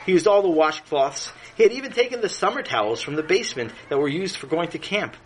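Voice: medium pitch, lively intonation, fast, slight background noise, rough recording. A storyteller narrating a children's story in a playful way, with asides to the listener.

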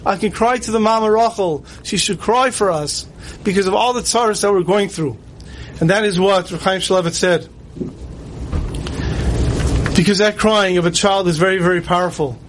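Man, high voice, sermon storyteller, faint traffic hum behind. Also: moderate pace, fairly bright tone, low-quality recording. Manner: storytelling, acting out quoted lines with rising emotion. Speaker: rabbi giving a talk.

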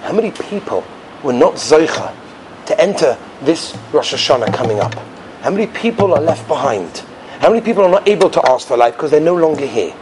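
Lively, high-pitched male preacher. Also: brisk, background noise. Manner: animated, acts out characters in his stories with sudden high outbursts. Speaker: rabbi giving a talk. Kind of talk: sermon with storytelling.

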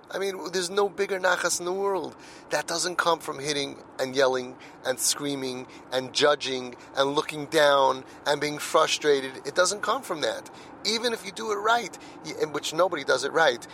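A middle-aged man with a fairly high-pitched, slightly bright voice talks earnestly about parenting in a heartfelt monologue. He shares personal stories and repeats words to press a point. The recording is low quality, with a little hiss or hum.

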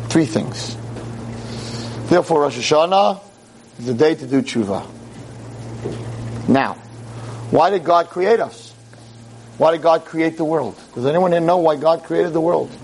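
A man giving an animated holiday sermon as a rabbi, mixing Hebrew verses with English and acting out the quotes dramatically. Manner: dramatic, acts out quotes with big pitch jumps. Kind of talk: animated sermon to a live audience.

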